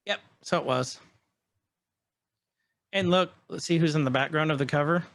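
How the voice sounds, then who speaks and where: A man co-hosting a podcast, chatting casually and excitedly as he recaps scenes from a show he keeps pausing. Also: on the high side, no echo. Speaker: podcast co-host. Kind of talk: casual chat recapping an episode.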